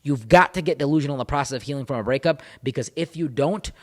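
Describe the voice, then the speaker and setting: A man's voice: mid-range voice, quick pace. A man speaking as a breakup coach in a motivational monologue into a microphone, emphatic and repetitive, hammering points home in short punchy phrases. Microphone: studio microphone.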